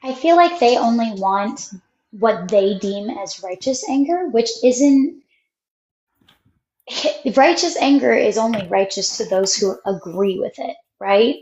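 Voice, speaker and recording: A woman's voice: on the high side, expressive, takes it slowly, a little mellow. A woman calling in to a chat show, speaking in a reflective, frustrated way. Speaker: caller. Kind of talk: casual conversation. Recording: echoey dull call audio.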